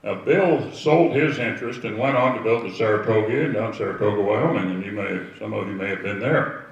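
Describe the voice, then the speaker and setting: Older man, low gravelly voice, anecdotal storyteller heard from afar in a roomy space. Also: brisk, highs cut off. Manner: rambling anecdotal storytelling with asides. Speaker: speaker telling family history. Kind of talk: storytelling talk to a gathering. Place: outdoor history event with audience. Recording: echoey, distant from the mic.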